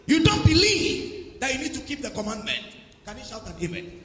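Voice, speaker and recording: High-voiced preacher in an echoing hall. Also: male voice, huge pitch swings, brisk. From Nigeria. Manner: preaching with call-and-response questions to the congregation; swings between loud shouted declarations and low asides. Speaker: pastor. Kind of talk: sermon. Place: large church hall. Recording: echoey hall with some background noise.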